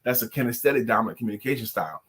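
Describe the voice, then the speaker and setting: A man's voice: mid-range voice, lively intonation, very fast, fairly bright tone, slightly rough. A man co-hosting a talk show, explaining communication styles in a coaching manner and prompting his partner. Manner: coaching tone, explains and prompts, calls people baby. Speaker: co-host, coach. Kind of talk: casual conversational talk.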